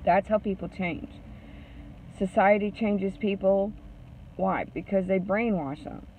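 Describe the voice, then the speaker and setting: A woman's voice: medium pitch, takes it slowly, a little hiss or hum. A woman counselor from Maine, giving blunt advice in a lecturing way and ending her points with a questioning "okay?". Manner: blunt, scolding. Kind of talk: advice talk. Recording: phone-like narrow sound.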